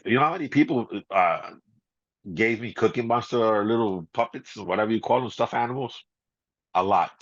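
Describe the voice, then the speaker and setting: A laid-back middle-aged man with a fairly low voice chats through an interview, chuckling and dropping easy fillers. The sound is dry and a bit dull, with no room around it. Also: fairly bright tone, no echo. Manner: laid-back, laughs often, many "you know" and "man" fillers. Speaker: guest DJ. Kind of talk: casual storytelling interview. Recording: slightly dull, muffled audio.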